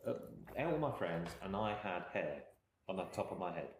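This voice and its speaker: A man's voice: sits low, very animated, moderate pace. A man hosting a casual chat, plain-spoken and laughing often. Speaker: show host. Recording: echoey room with faint noise.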